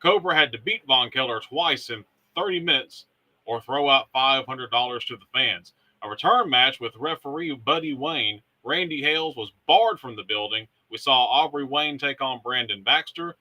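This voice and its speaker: A man hosting a wrestling show, giving a brisk, upbeat recap of old match cards and chatting with his co-host. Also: medium pitch, pushed and bright, rough recording. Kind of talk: scripted recap narration and casual chat.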